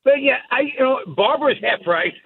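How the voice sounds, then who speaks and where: A man calling in to a radio show, talking emphatically and excitedly about his strong opinions. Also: very high-pitched, moderate pace, creaky, slightly rough, no room sound. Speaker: caller. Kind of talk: call-in phone talk. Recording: dry tinny phone line.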